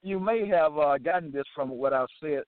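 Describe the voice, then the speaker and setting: A man hosting a religious teaching episode, reading scripture verses aloud and explaining them in a deliberate, emphatic way, often restating each question. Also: on the high side, no room sound. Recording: dry, tinny phone-like sound.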